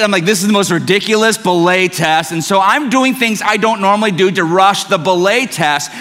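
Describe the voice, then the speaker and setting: A man's voice: high voice, pushed and bright. A middle-aged man preaching a sermon as pastor, telling stories in a conversational, self-mocking way. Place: church sanctuary. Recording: long reverb of a church hall.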